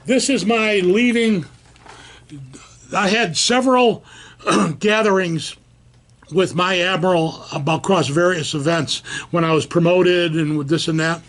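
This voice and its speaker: A man's voice: high voice, a bit bright. An older man, a veteran, telling a story in an interview and acting out the voices of the people in it. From United States. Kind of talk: telling a war-era anecdote.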